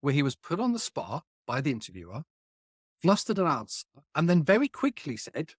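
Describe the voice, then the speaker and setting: Male author in casual conversation. Animated and emphatic, with a fairly high voice and a dry, close sound. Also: fairly quick, breathy edge, no echo. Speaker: author and guest.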